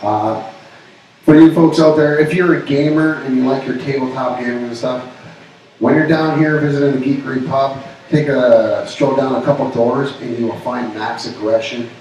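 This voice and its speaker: A man's voice: mid-range voice, fairly even intonation, a little mellow, muffled recording, slight background noise. Joking man in an echoey pub. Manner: joking, rambling, quick asides. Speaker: podcast co-host. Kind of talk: casual live-stream chat. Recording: echoey room, far from the mic.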